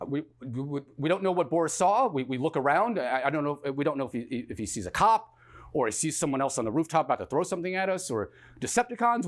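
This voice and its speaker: Sex: man. Role: stage comedian. Style: one-man storytelling. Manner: animated, slightly high-pitched, trips over words. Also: fast. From New York. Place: theatre stage.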